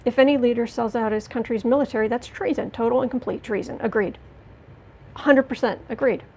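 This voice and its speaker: A woman giving a livestreamed tarot reading, talking indignantly and emphatically with halting restarts as she greets chat. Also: fairly high pitch, warm tone, breathy edge, low-quality recording. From United States. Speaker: tarot reader.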